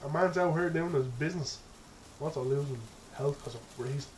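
A young man giving casual let's-play commentary, excitable and profane, chattering to his in-game pet as he plays. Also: a little high, normal speed, noisy background. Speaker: gaming streamer.

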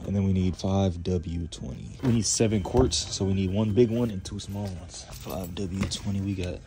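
A man's voice: low voice, moderate pace. A young man vlogging casually about his new pickup truck, slangy and profane, talking while driving and running errands. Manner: slangy, profane, laid-back. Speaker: car vlogger. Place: in and around a pickup truck, outdoors. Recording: car and traffic noise behind.

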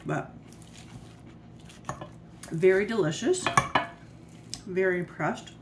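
A woman's voice: fairly low pitch, slow, very noisy. A woman in a casual home cooking vlog, chatting and praising her own food while she eats on camera. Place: home kitchen.

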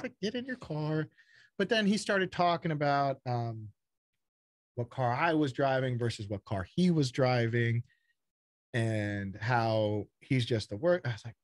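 A man from Texas speaks as a podcast guest in a blunt, casual way, cursing freely and circling back over his own words. His pitch swings widely from low to high as he talks. The sound is close and dry, with no room echo. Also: moderate pace. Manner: animated, blunt, swears, repeats words. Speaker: startup founder guest.

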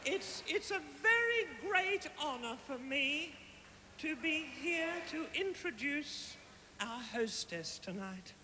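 A man's voice: extremely high pitch, sing-song, slow, heavily acted. A man playing a flamboyant, gushing aging Australian housewife diva with an Australian accent, giving a live comic stage introduction. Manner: theatrical, gushing, cheekily condescending. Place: huge outdoor concert at a palace. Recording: echoey live arena with loud crowd noise.

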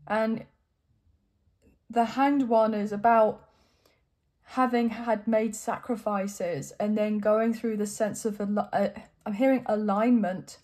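A woman's voice: fairly high pitch, darkish tone. A young adult woman giving an encouraging, emotional tarot reading to her viewers, at times choked up. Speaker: tarot reader.

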